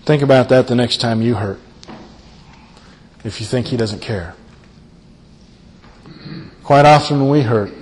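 A man preaching a sermon, earnest and repetitive, who slows down and drops his voice softly for emphasis. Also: medium pitch, husky, big-room sound. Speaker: pastor. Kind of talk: sermon on a Bible passage.

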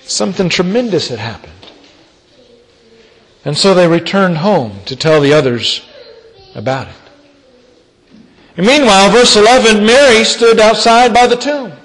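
A man preaching a sermon, reading scripture and retelling it with dramatic storytelling and big swings in pitch and loudness. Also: expressive, a little slow, pauses often. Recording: long hall reverb.

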